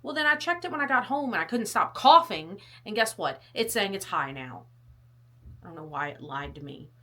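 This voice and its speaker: A woman's voice: mid-range voice, animated, moderate pace, pushed and bright. A young woman vlogging casually about her fitness test, chatty and rambling, coughing and out of breath. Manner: chatty, rambling, self-deprecating.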